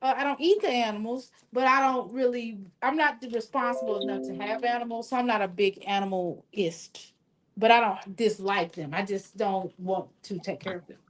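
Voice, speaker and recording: A woman guest in a casual chat, telling stories in an animated way and acting out the voices. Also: mid-range voice, moderate pace. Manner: animated storyteller, acts out voices.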